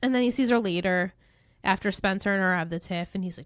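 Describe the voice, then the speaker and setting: A woman's voice: medium pitch, fast, no room sound, studio quality. A woman co-hosting a casual recap podcast, playful and laughing often as she draws out words for emphasis. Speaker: podcast co-host.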